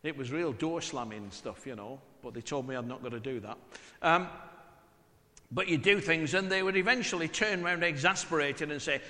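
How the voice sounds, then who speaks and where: Bright-voiced northwest English preacher in echoing church. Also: male voice, on the high side, moderate pace. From northwest England. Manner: chatty and humorous, full of rhetorical questions. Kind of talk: sermon.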